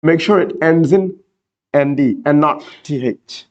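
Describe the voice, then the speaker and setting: A man's voice: fairly high pitch, measured pace, a little mellow, dull audio. A man teaching an exam-prep class, repeating key words and explaining step by step. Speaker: IELTS teacher. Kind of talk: classroom lecture.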